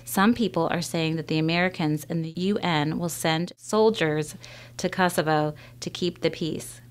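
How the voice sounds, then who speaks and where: A woman voicing a gentle, patient Albanian father who speaks calmly and reassuringly in a storybook reading. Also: low voice, moderate pace, clear, resonant tone, natural voice. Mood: explaining.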